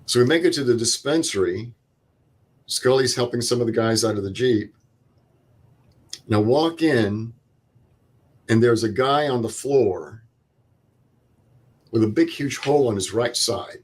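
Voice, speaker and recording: Speaking a little slowly with long pauses, an older veteran's medium-pitched voice carries a breathy edge. As an interview guest, he walks through a vivid war story in detail and performs the dialogue.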